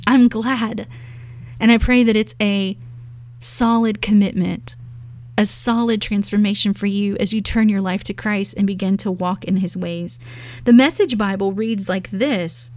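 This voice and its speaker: An earnest woman delivers a devotional sermon at a middle pitch, reading scripture aloud and slowing down to press her points. The recording is dry and close, with no room sound. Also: darkish tone, no echo. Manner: earnest, slows for emphasis, reads scripture aloud. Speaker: preacher.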